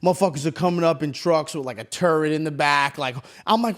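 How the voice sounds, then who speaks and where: A man co-hosting a podcast, telling a long story in a casual, profane, animated way. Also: on the high side, fairly quick. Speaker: podcast co-host.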